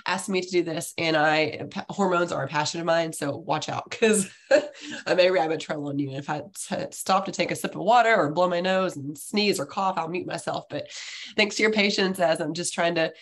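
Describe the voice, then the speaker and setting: A woman speaks in a somewhat low voice, sick with the flu. She tells a story in a chatty way and laughs often, acting as a guest hormone coach in a casual class. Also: moderate pace.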